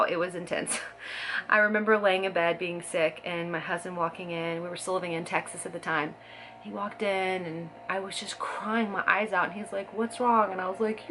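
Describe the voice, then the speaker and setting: A woman's voice: fairly low pitch, bright, forceful tone, a little hiss or hum. A woman in her thirties chatting casually to camera as a vlogger, talking in a scattered way with fillers and laughs. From Scottish heritage.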